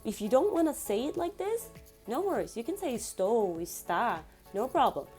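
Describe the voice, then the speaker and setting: A woman teaching a beginner language lesson, repeating words slowly for learners. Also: on the high side, sing-song, a little mellow, soft background music. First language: Portuguese.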